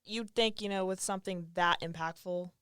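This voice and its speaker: A woman's voice: on the low side, steady tone, moderate pace, fairly bright tone, clear, resonant tone, no room sound, clean studio sound. A woman on a movie podcast, chatting casually with lots of filler words. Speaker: podcast co-host. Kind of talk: casual chat.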